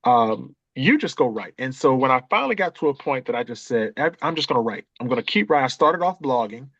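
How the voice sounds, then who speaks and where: Animated storyteller man in his 50s. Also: mid-range voice, fast, no room sound, muffled recording. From Atlanta, USA. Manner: animated storyteller who acts out quoted voices. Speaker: guest, author and chess coach. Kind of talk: conversational storytelling.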